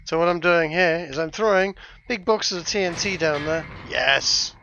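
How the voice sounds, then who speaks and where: A man's voice: high-pitched, normal speed, a bit bright. A man streaming a video game and chatting with friends, stammering, joking and swearing often. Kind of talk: casual gameplay commentary. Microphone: poor-quality headset mic. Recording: lo-fi voice chat mic.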